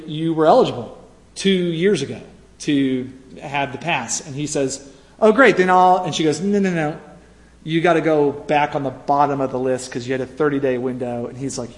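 A man's voice: on the high side, moderate pace. A man preaching a conversational sermon, telling a story with lots of "right?" asides and fillers. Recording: reverberant hall.

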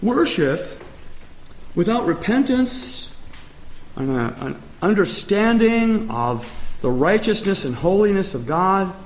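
A man preaching a sermon, speaking emphatically and pausing often as he reads scripture. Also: sits high, sing-song. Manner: slow, emphatic preaching with pauses and restarts. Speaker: pastor. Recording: echoey room.

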